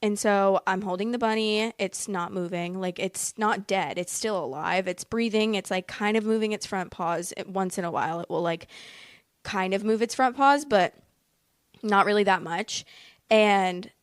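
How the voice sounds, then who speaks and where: A woman's voice: medium pitch, moderate pace, dry recording, clean studio sound. A woman telling a personal story in a casual, rambling way, packed with fillers and emotional asides. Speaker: vlogger.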